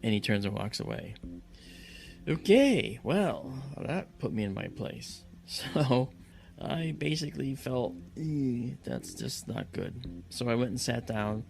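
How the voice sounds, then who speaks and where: Gravelly man telling a tense story. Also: medium pitch. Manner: acts out voices in quotes, halting with fillers. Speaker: guest telling a personal story. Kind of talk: dramatic storytelling.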